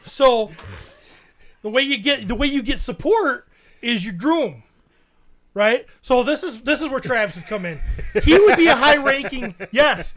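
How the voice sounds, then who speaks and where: A man co-hosting a podcast in casual chat, telling an animated, profane story and laughing often. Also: extremely high pitch, measured pace. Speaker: podcast co-host.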